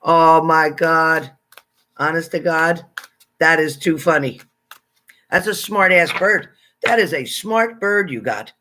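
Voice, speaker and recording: A man hosting a casual livestream, chatting with viewers and greeting them by name, excitable and exclamatory. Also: on the high side, measured pace, slight background noise. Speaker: livestream psychic reader. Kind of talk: casual live chat with viewers.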